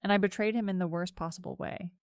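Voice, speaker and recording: A woman narrating a scripted first-person story in a steady, reflective way. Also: medium pitch, fast talker, smooth, no room sound, studio quality.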